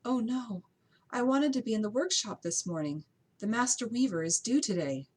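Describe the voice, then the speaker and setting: Woman reading as a young gentlewoman, flustered, hungover, urgent, slightly raised, husky edge, amateur audiobook. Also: fairly low pitch, animated, moderate pace.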